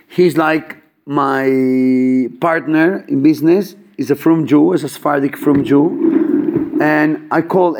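Man, casual storyteller, slightly high voice, filler-heavy, acts out dialogue. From Chabad yeshiva student background. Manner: animated, acts out quoted dialogue, many fillers. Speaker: storyteller at a gathering.

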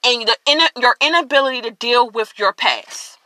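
A woman's voice: fairly high pitch, normal speed, bright, forceful tone, dry recording. A woman hosting a podcast, giving an emphatic, preachy motivational faith talk and addressing listeners directly. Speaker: podcast host.

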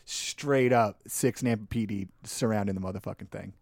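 A man's voice: on the low side, gravelly, darkish tone, dry recording, studio quality. A man co-hosting a podcast, teasing and swearing in casual chat. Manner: fast, profane, teasing. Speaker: podcast co-host.

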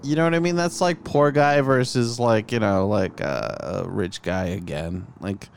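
A man's voice: on the low side, measured pace, gravelly, a little hiss or hum. A man co-hosting a casual podcast, rambling with many fillers and restarts. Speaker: podcast co-host. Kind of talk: casual chat.

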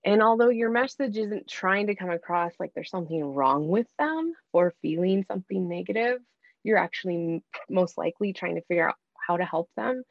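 A woman's voice: mid-range voice, creaky, dry recording. Woman coaching parents in a lo-fi recording. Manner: earnest, coaching, often quotes herself. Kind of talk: conversational advice talk.

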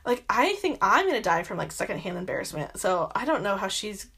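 A woman's voice: mid-range voice, sing-song, a little fast, creaky, a bit bright, husky. A young adult woman hosting a podcast, rambling through exasperated gossip commentary with constant filler words and frequent swearing. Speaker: podcast host.

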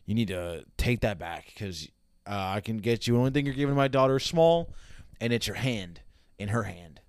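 A man's voice: fairly low pitch, lively intonation, moderate pace, no room sound, studio quality. A man playing an angry overprotective dad. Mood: scolding. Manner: scolding, threatening. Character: angry overprotective father, middle-aged man.

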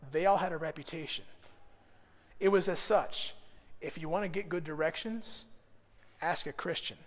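A middle-aged man preaching a sermon, telling stories with animated swings between soft and loud delivery. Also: high-pitched, big-room sound. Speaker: pastor.

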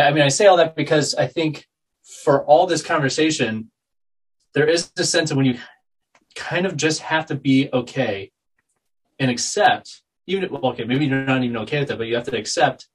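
A male podcast co-host who reflects aloud and works through his thoughts. His voice is husky. He sits a little back from the microphone. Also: medium pitch, recorded from a distance, rough recording. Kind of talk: casual podcast discussion.

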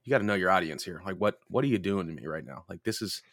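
Low-voiced man swearing through a story. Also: lively intonation, fast, a bit bright, no echo, clean studio sound. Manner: profane, rambling anecdotes. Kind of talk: casual storytelling chat.

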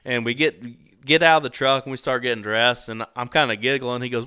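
A man casually telling a hunting story, animated and laughing often as he acts out the people in it. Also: mid-range voice, a little fast, smooth, no echo, clean studio sound.

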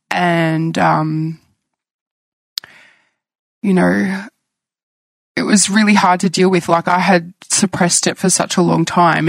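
A woman's voice: fairly low pitch, vocal fry, no echo, low-quality recording. A woman in her thirties speaking candidly as a guest, telling her own story in a reflective way. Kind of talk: personal conversation.

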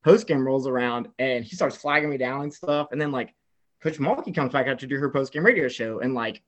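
A young man from the American South telling an excited story in casual chat, filling his talk with "like" and acting out what people said. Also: medium pitch, fairly quick. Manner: excitable storyteller, heavy "like" filler, acts out quotes. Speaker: guest telling a travel story.

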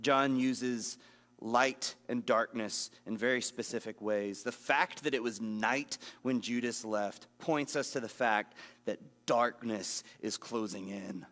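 A man teaching a casual Bible lesson in a conversational, animated way, acting out the scenes he reads. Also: mid-range voice, slow, in a large hall.

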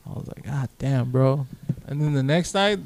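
A man's voice: mid-range voice, moderate pace, creaky, darkish tone. A young man casually telling a long story on a podcast, profane and laid-back, acting out both sides of the conversation. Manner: profane, laid-back, quotes himself a lot. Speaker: podcast guest.

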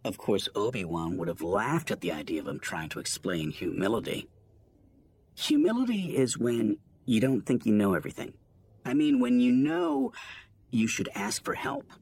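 A man narrates a storybook with a lively, wide-ranging pitch that rises and falls through each sentence. His delivery is expressive and theatrical, leaning into every line. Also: moderate pace, vocal fry, husky, no echo. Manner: expressive, shifts pitch for voices. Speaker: audiobook reader. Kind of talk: storybook narration with character voices.

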